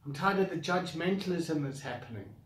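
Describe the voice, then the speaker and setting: Speaking briskly and animatedly in a slightly high voice, a South African man who founded a coaching academy vents straight to camera. The sound is roomy and distant, and his blunt rant is full of sighs and repeated grievances.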